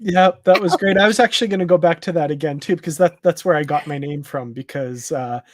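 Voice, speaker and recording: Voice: medium pitch, fairly quick, background noise. A co-host in a casual live-stream chat, easygoing, laughing often and hesitating with fillers.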